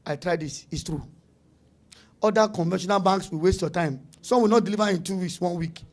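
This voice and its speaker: A middle-aged man with a Nigerian accent giving an animated conference talk to business owners, emphatic and repetitive, slipping into pidgin phrases. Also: high-pitched, fairly quick. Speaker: summit speaker.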